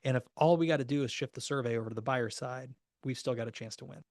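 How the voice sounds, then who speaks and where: A man coaching real estate agents through offer negotiation, practical and direct, sometimes acting out short phone scripts. His voice sits at an ordinary middle pitch. The recording is dry and close, with little room sound. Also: quick pace, darkish tone, no echo. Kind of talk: recorded training class.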